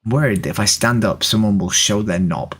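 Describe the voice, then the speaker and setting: Trans woman streamer, husky voice, jokey and teasing, chatting w strangers. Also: rumbling low, brisk. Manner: teasing, joking, animated. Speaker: livestream host chatting with strangers. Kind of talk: casual chat. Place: home room, seated at camera.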